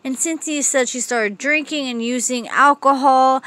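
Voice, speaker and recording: A woman recapping a reality TV episode as a casual vlog host, gossipy and animated, with frequent asides. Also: high voice, measured pace.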